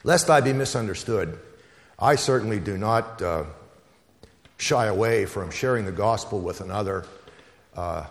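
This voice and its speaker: A man's voice: fairly low pitch, expressive, unhurried, long pauses, in a large hall. A man preaching a sermon, telling stories and hammering home repeated phrases. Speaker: pastor.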